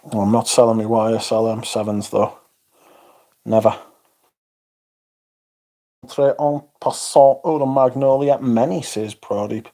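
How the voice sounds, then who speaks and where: A man's voice: medium pitch, a little slow, long pauses, warm tone. Chatty man on a livestream. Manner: swearing, chatty, reads viewer comments aloud. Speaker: livestream host reading chat. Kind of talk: casual livestream chat.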